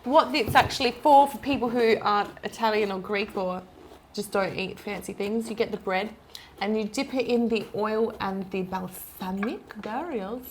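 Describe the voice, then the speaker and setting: A young woman, co-hosting a casual podcast chat over a meal and telling a story in a quick, amused way. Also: mid-range voice, a little hiss or hum. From Australia. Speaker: podcast co-host.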